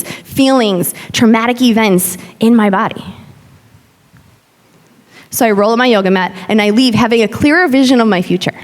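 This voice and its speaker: A woman in her thirties, a yoga instructor, candidly and expressively telling her personal story to a live audience. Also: on the high side. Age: 30s. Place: large hall. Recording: long hall reverb.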